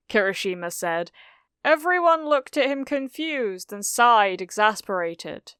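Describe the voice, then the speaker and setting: A woman's voice: medium pitch, expressive, a little slow, a bit bright, smooth, no room sound, clean studio sound. A woman reading a fan-written story aloud, giving each character a slightly different voice. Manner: reads each character in a lightly changed voice. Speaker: fanfiction reader.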